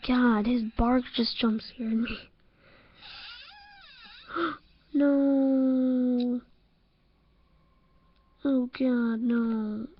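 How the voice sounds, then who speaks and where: A young woman talks through a horror game at an unhurried pace, her voice sitting a little high. She is excitable and jumpy, laughing off her own scares. The slightly dull, lo-fi mic gives it a home-recorded sound. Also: a little hiss or hum. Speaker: let's-play gamer.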